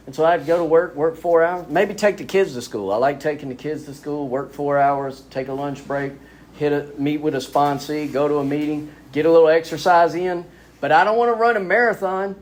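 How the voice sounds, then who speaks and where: A man giving a lively, self-mocking recovery talk as a speaker at a men's spiritual retreat. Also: fairly high pitch, a little fast. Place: retreat gathering.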